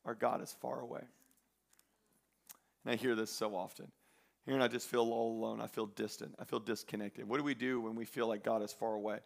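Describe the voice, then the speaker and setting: A male pastor preaching a sermon, swinging from loud, declaring lines to quiet, intimate asides. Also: medium pitch, fairly even intonation, brisk, creaky.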